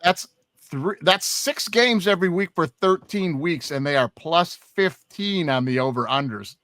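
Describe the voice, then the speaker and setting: A man hosting a sports podcast, talking through football picks in a casual, animated way. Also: fairly high pitch, a little slow, no echo, studio quality. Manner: animated, swears when excited. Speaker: podcast host. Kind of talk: casual sports betting chat.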